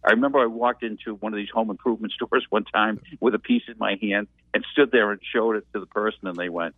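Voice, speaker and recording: A man's voice: fairly low pitch, fairly even intonation, quick pace, breathy edge, no echo. A man, calling in and reminiscing in a rambling, reflective way. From Massachusetts. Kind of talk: casual reminiscing. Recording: tinny dry phone line.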